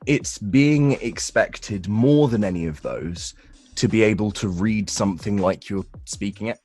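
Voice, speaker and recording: Young man, low voice, relaxed rambling, soft music behind. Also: a little slow, breathy edge. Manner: relaxed, rambling with fillers and restarts. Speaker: voice actor guest. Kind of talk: casual interview answers.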